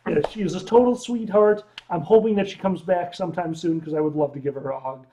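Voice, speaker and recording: Excitable, swearing male comedian guest. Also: high voice, fast talker. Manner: loud, excitable, swears freely. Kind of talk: casual late-night livestream chat.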